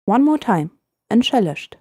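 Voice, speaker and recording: Mellow-voiced woman hosting a language lesson. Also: fairly high pitch, sing-song, no echo, clean studio sound. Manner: clear, patient, repeats phrases slowly for learners.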